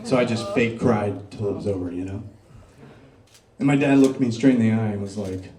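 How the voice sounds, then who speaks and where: A middle-aged man performing a stand-up comedy set, doing crowd work and dropping deadpan dark punchlines on a club stage. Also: on the low side, normal speed. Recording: roomy club sound, mic picked up from a distance.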